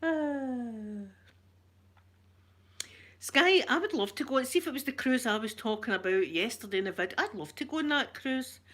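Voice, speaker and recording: A woman's voice: a little high, expressive, moderate pace, pauses often, fairly bright tone. A Scottish woman hosting an ASMR channel, chatting in a rambling, jokey way and greeting viewers by name. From Scotland. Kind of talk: chatty live-stream talk.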